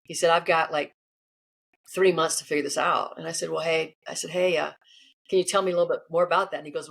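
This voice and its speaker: Fast-talking woman leadership coach. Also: low-pitched, vocal fry. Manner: animated, acts out quoted people. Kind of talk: casual interview answers, storytelling.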